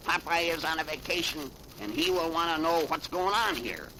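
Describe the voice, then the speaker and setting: A man voicing a gruff little boy from a comic strip while reading aloud on old radio. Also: fairly high pitch, lively intonation, moderate pace, pushed and bright, voice pushed up, poor audio. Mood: childlike. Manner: gruff, childish. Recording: hissy 1930s radio archive recording.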